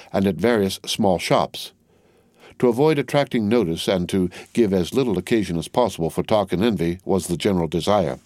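A man reading a classic novel aloud as audiobook narrator, measured and expressive. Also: deep voice, no echo, studio quality.

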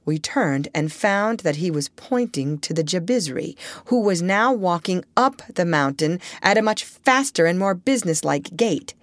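A woman narrates a storybook in a low voice that rises and falls with plenty of life. The recording is close and dry, with no echo at all. She tells the tale with lively expression. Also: moderate pace, hardly any pauses. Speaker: audiobook reader.

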